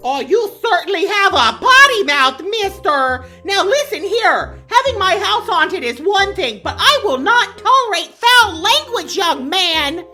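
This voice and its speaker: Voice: very high-pitched, big pitch swings, measured pace, few pauses, sharp tone, soft background music, exaggerated voice. A comedian voicing a prim, churchy middle-aged mom with a folksy Minnesotan accent, sing-song and prudish in a comedy sketch. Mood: outraged.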